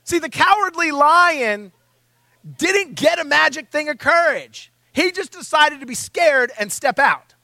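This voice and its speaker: Male preacher, high bright voice, lively self-mocking storyteller, dry close sound. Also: a little slow, vocal fry, no echo. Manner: animated, self-mocking storytelling, acting out his own panic. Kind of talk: sermon. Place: church.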